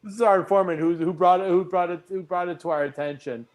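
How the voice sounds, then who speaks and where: A man improv performer playing a comedy scene over a video call, with a halting, hesitant delivery full of restarts. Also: high voice, steady tone.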